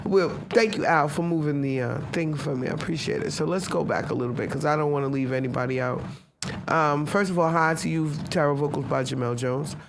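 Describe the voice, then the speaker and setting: A woman's voice: sits low, brisk. Woman host on a live show, ranting blunt and annoyed, faint noise behind. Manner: animated, talks back to chat, many restarts. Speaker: podcast host. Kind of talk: casual live-stream commentary.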